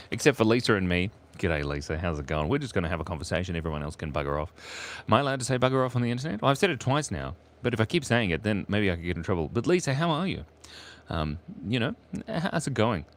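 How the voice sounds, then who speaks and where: A man's voice: on the low side, a little hiss or hum. An Australian man chatting playfully with viewers while drawing on a live stream.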